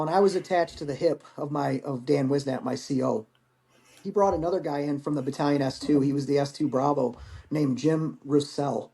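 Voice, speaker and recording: A slightly high, mellow-voiced man in his forties tells stories on a podcast where he's a guest. He's a Marine veteran who speaks candidly, wanders from point to point, and swears casually.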